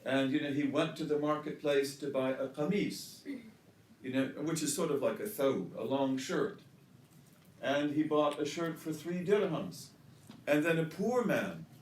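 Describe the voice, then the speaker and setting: A man's voice: on the high side, expressive, moderate pace, echoey room, distant mic, slight background noise. A man giving an earnest religious lecture, telling stories and weaving in Arabic terms. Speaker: Islamic lecturer.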